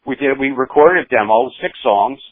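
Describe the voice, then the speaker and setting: A man's voice: medium pitch, expressive, moderate pace, no room sound. A man in his sixties, a musician being interviewed, telling long rambling stories with many restarts. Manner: rambling anecdotes with frequent restarts and acted quotes. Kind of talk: casual storytelling. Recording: tinny phone-like audio, dry.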